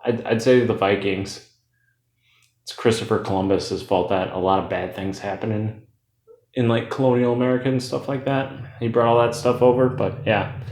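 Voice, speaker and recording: Chatty male beer reviewer, low voice. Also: fairly even intonation, normal speed, darkish tone, reverberant. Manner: loose and chatty, rambles off on tangents with fillers.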